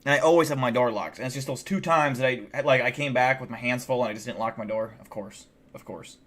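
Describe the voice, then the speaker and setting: A man's voice: medium pitch, quick pace, fairly bright tone. Profane, rambling male streamer. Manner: rambling and heavily profane, many fillers like "like". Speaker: live streamer. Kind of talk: casual live-stream storytelling.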